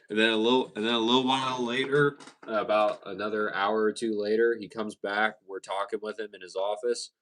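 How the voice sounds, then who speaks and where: A young man hosts a livestream, relaxed as he reads and answers viewer comments. His voice is fairly low and fairly quick, and he often stumbles and restarts his sentences.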